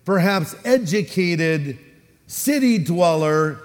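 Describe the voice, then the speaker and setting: Preaching a sermon, a pastor with a Californian accent speaks slowly in a fairly high voice, animated and acting out the voices of those he quotes. His words trail off into a long reverb tail.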